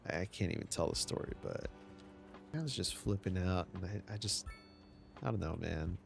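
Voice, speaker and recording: A man's voice: deep voice, moderate pace, vocal fry. A man streaming a city-building game, chatting casually and telling a rambling story with many restarts. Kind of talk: casual gameplay chat. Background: faint game music.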